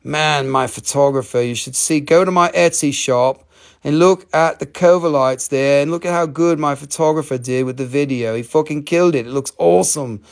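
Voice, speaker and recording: A man hosting a live crystal sale, talking in an excitable, profane way with sudden jumps in pitch. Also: normal speed, vocal fry. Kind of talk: excited live sales chat.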